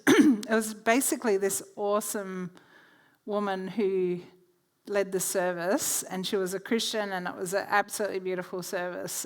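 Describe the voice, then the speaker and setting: Chatty woman teaching a workshop. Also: mid-range voice. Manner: chatty storytelling, laughs easily. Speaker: workshop presenter. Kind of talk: teaching workshop talk with personal stories. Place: church.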